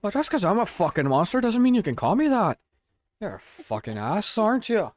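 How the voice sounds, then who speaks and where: A man's voice: sits high, very animated, fairly quick, a little mellow, no room sound. A man gaming with friends, trading brash, heavily profane banter. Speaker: gamer on a livestream. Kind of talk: casual gaming chat.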